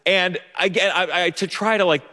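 A young man telling a story live on a theater stage, animated and self-mocking, sometimes bursting into shouts. His voice is bright and forceful and a little high. A long reverb from the hall trails each phrase. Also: moderate pace.

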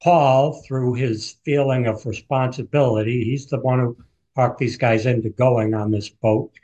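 A man speaking as an author on a radio interview. He retells events in a vivid, storytelling way at a middle pitch. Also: steady tone, unhurried, mellow, highs cut off.

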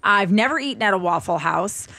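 A woman's voice: medium pitch, expressive, a little fast, pushed and bright, no echo. A woman co-hosts a radio talk show, chatting loosely and cracking jokes with plenty of fillers. She sits close to a studio mic in a dry, dead room. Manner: chatty, joking, lots of fillers. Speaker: radio co-host. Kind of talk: casual radio chat.

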